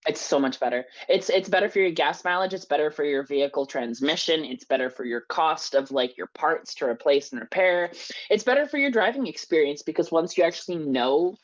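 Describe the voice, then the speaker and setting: A woman's voice: low voice, lively intonation, a little fast, dull audio. A woman co-hosting a podcast, chatting casually, swearing freely and laughing as she tells stories. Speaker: podcast co-host. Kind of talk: casual chat.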